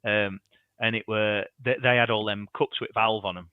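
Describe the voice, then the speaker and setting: A man's voice: lowish voice, steady tone, normal speed, clear, resonant tone, dry recording, phone-quality sound. A man co-hosting a casual football fan chat, telling rambling anecdotes full of ums and acted-out quotes. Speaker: podcast co-host.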